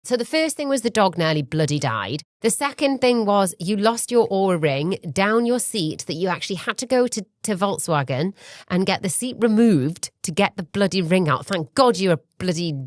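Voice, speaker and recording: A woman co-hosting a casual chat podcast, telling animated stories and swearing casually. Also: mid-range voice, normal speed, dry recording, studio quality. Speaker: podcast co-host.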